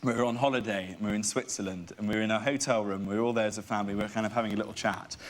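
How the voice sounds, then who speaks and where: A man's voice: lowish voice, steady tone, very fast. A young man, a comedian guest on a talk show, telling stories animatedly and self-mockingly. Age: young adult. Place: TV studio with audience.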